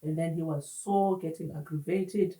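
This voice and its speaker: Woman telling her story, lowish voice, kinda far from the mic in an echoey room. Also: steady tone, mellow. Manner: earnest, halting, mixes in Xhosa words. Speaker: interview guest. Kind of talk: personal testimony in conversation. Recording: roomy echo, distant mic.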